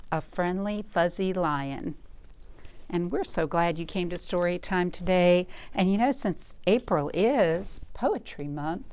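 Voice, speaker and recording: Slow, gentle storytime librarian woman. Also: on the low side. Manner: gentle, asks the children questions. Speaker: children's librarian. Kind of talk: children's storytime reading.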